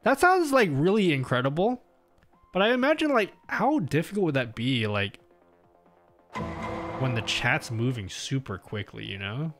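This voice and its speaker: Big pitch swings mark this young Australian host's slightly bright, highish voice as he rambles through a casual livestream at normal speed. He leans on fillers, restarts often and cuts himself off, with faint music behind him.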